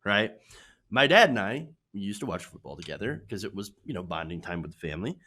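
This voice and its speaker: Animated sarcastic male commentator. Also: fairly low pitch, fairly quick. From Michigan, USA. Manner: sarcastic, laughs often. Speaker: political commentary host. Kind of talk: casual political commentary.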